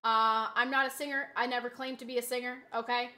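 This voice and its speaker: A woman streaming a game live, bantering playfully with chat and reacting quickly to the action. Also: fairly high pitch, level tone, bright, forceful tone.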